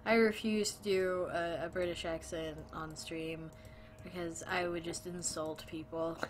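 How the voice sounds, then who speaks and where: A woman's voice: fairly low pitch, fairly even intonation, unhurried, a little hiss or hum. A woman streaming a video game and chatting playfully with her viewers, greeting them and joking along as she plays. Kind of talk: casual live-stream chat while gaming.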